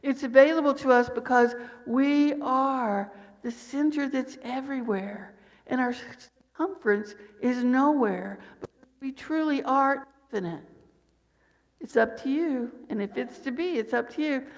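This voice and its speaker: A middle-aged woman with a fairly high voice preaches in a friendly, conversational way and keeps posing questions to her listeners. Her words ring out with the long reverb of a church sanctuary. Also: a little slow. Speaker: minister. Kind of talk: sermon.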